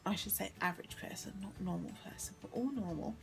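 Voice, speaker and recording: A tired woman talks through a hard day in a vlog. Her voice has a rough, creaky texture. She sighs and corrects herself as she recounts it, and soft music sits behind her. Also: mid-range voice, quick pace. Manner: weary, emotional recounting with sighs and self-correction. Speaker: vlogger. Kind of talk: tearful personal storytelling vlog.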